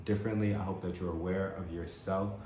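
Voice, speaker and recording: A man's voice: low-pitched, fairly even intonation, a little fast, warm tone. A man hosting a spiritual self-help talk, speaking with enthusiasm, repeating words and laughing often. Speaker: host. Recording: roomy echo with faint background noise.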